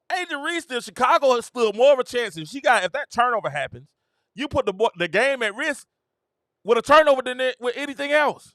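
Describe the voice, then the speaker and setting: A man with a strikingly high, bright voice rants through a sports reaction show. He swings his pitch all over, talks straight to his viewers and breaks into shouts and laughter. The sound is dry, with no room around it. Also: big pitch swings, brisk, dry recording. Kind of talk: animated sports reaction rant.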